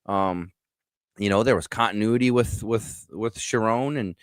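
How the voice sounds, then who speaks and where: Man, Upper Peninsula Michigan accent, sports talk guest, frank, stammering, deeper voice. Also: a little slow, clear, resonant tone, dry recording, clean studio sound. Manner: opinionated, frank, stammering restarts.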